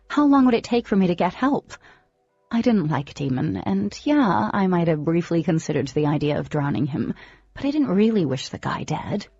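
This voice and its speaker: A woman narrating a first-person audiobook in an expressive, dramatic storytelling manner, on a close microphone. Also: lowish voice, husky, no echo, lo-fi sound.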